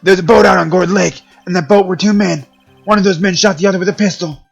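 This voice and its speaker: A man voicing a gruff, loyal male police detective who barks and blusters at his underlings while reading game dialogue on a stream. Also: sits high, fairly even intonation, quick pace, soft background music, pitched above the performer's own voice, exaggerated voice. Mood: blustering.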